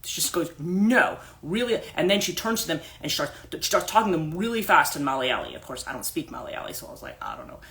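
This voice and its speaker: A woman's voice: low-pitched, lively intonation, fast talker, hardly any pauses, fairly bright tone. A woman life coach hosting a livestream, telling a story casually with many restarts and asides, into a phone mic.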